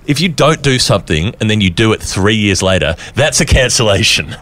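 A man's voice: on the low side, expressive, brisk, fairly bright tone. A man co-hosting a cricket podcast, talking in a ranting, sardonic and jokey way. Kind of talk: casual chat.

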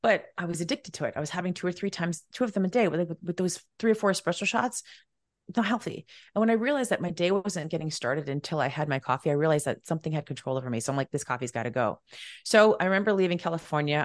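A middle-aged woman telling a story in a casual, lively way, acting out the back-and-forth. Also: low voice, no echo, clean studio sound. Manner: animated, acts out quoted exchanges. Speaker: podcast guest, wealth mentor.

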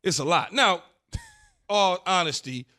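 A man's voice: high-pitched, expressive, slow, sharp tone. A man co-hosting a sports radio show in casual banter, emphatic and prone to repeating himself.

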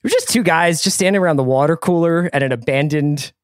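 A man hosting a podcast, chatting in a relaxed, playful way and introducing the show. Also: on the high side, brisk, clear, resonant tone, no room sound, studio quality. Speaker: podcast host. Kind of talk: casual chat.

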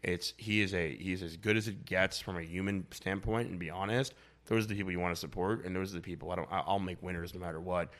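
A man's voice: low-pitched, steady tone, quick pace, a bit bright. A young man chatting casually as a podcast guest, rambling and blunt, with lots of filler words and swearing. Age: young adult.

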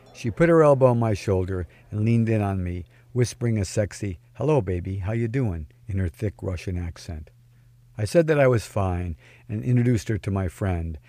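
A man narrating a scripted first-person story in a dry, wry, measured way. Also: on the low side, dark tone, dry recording. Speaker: podcast storyteller.

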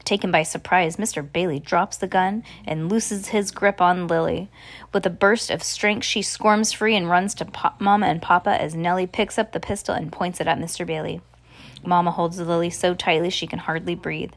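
A woman reads a ghost story aloud in a fairly low voice. Her reading is expressive, and now and then she breaks off for a casual aside. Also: moderate pace. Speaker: storybook reader.

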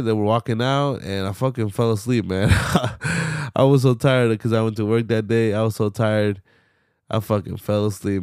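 A young man hosts his own podcast alone, rambling casually and cursing freely, with plenty of fillers and sighs. His voice sits low with a gravelly fry. The sound is dry and close to the mic. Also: a little mellow, no room sound. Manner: loose, profane, frequent fillers and sighs. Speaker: podcast host.

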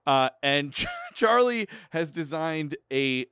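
A man co-hosting a podcast, chatty and excitable. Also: a little high, slow, clear, resonant tone, no echo, studio quality. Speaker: podcast co-host. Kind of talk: casual podcast chat.

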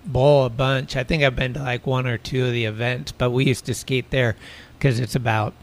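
A man in casual conversation, relaxed, answering with short agreeing remarks. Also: mid-range voice, moderate pace, slight background noise. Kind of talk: casual chat.

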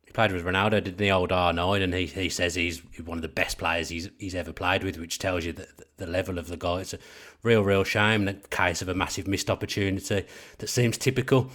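Low-voiced podcast host. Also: male voice, fairly even intonation, brisk, hardly any pauses, a bit bright. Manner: leads the talk, prompting the guest. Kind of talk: casual podcast chat.

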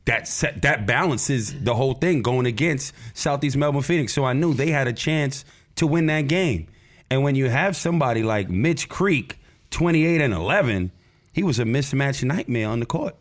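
A man talking basketball on a casual podcast, animated, cursing and laughing as he gets excited. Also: medium pitch, moderate pace. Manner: animated, swears, laughs often, rises when excited. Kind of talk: casual sports chat.

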